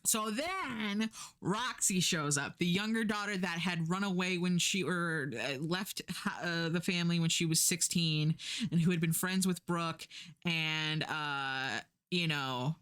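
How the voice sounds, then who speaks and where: A young woman streamer casually retelling a drama plot, chatty and sarcastic, acting out lines in a higher voice. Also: measured pace, fairly bright tone, clean tone.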